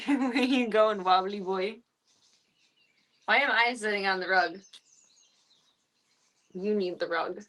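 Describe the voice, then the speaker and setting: A woman's voice: medium pitch, slow, long pauses, fairly bright tone. A woman live-streaming, talking casually to her viewers and cooing baby-talk at a foster cat. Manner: coos and baby-talks to the cat between chatty asides.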